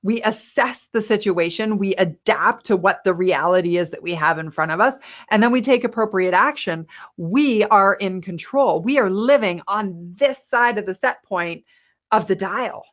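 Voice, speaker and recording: A woman presenting a workplace resilience webinar to a camera, lively and quick to laugh at herself. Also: mid-range voice. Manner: lively, laughs at herself, acts out quoted people. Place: indoor room with a window. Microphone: camera mic. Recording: slightly muffled webinar audio.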